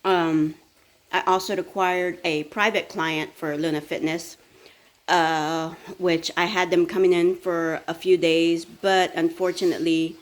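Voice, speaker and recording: A woman's voice: lowish voice, little pitch movement, measured pace. A woman hosting a casual morning vlog, tired and chatty, rambling along with fillers and sometimes talking with her mouth full. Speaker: vlog host and fitness coach.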